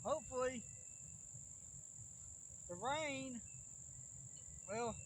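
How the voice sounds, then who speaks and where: Host for a backyard wrestling vlog: a very high-pitched man with a Southern Alabama accent, rambling and worried, recorded outdoors among insects. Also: very slow, a bit bright, a little hiss or hum, rough recording. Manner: rambling and fretful, with restarts. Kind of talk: casual rambling vlog talk.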